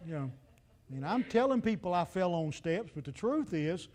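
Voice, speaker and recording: A man's voice: high voice, sing-song, normal speed, a little mellow. A man, preaching a folksy, joking sermon and talking straight to the congregation. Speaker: pastor.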